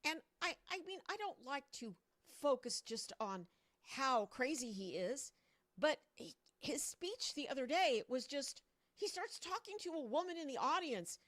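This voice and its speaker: Animated woman ranting about politics. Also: high voice, measured pace. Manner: rambling, animated and mocking. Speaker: political commentator streaming to viewers. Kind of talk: casual political rant on a livestream. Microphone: own microphone on a stand.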